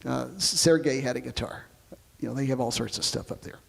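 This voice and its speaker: Gravelly man telling space stories. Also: mid-range voice, a little fast, big-room sound. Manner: relaxed storytelling, explains with comparisons. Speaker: astronaut interviewee. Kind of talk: oral history interview.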